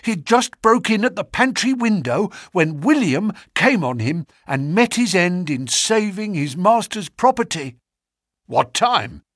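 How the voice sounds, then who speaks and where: Man doing a breathless, panicked high-pitched servant. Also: sing-song, a little slow, fairly bright tone, no echo, clean studio sound, exaggerated voice. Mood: alarmed. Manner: gasping, clipped, ends lines with "sir".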